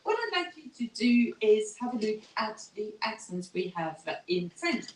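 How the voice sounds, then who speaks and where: A woman's voice: mid-range voice, very animated, faint music behind. A woman teaching French pronunciation in a recorded lesson, patiently repeating each word and checking in with "okay?". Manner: patient, repeats words slowly, tags "okay?". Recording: echoey room, faint noise.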